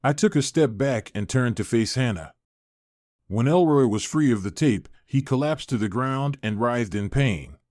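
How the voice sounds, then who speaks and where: A man's voice: medium pitch, lively intonation, moderate pace, darkish tone, no echo, clean studio sound. A man narrating a scripted first-person story with dramatic storytelling.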